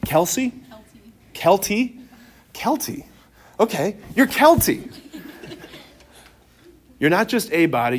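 A priest giving a lively, joking talk to teenagers in a room, often stopping to ask the audience questions. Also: male voice, on the high side, slight background noise. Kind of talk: interactive talk to teens. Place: room with a live youth audience.

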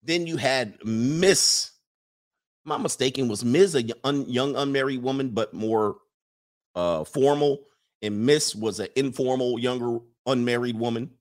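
A man's voice: mid-range voice, unhurried. An American man ranting casually and comically to his stream viewers, preaching and reading out their comments. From United States. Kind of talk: casual comedic rant to viewers.

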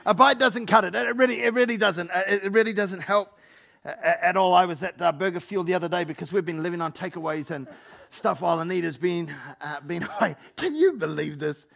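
A man preaching a sermon as pastor, animated, acting out Bible figures and joking with the congregation. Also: high voice, fairly quick, creaky. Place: church hall.

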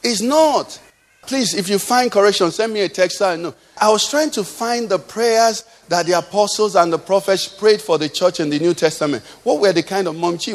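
High-voiced preacher, impassioned. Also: male voice. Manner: impassioned preaching, swinging from loud cries to low murmurs. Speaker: pastor. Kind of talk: sermon.

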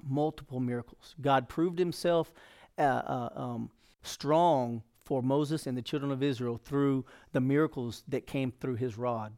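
A man's voice: mid-range voice, a little slow, a little mellow. A male pastor preaching a sermon in a folksy, conversational way.

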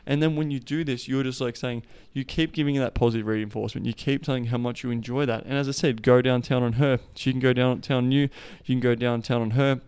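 A man's voice: mid-range voice, fairly even intonation, a little fast, few pauses, darkish tone, smooth. A man hosting a podcast, talking casually and loosely with plenty of swearing and filler words. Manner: profane, loose, full of "like" and "the thing is". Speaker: podcast host.

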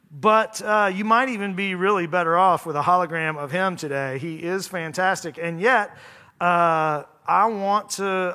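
A man in his thirties, a pastor, preaching a sermon in a church, his voice hoarse from singing and his delivery conversational with self-deprecating humor. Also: sits high, bright, forceful tone. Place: church sanctuary.

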